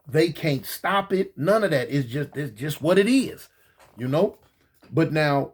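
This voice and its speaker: A storyteller talking casually and slangily, animated, often repeating words and acting out voices. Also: medium pitch, husky. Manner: acts out voices in quotes.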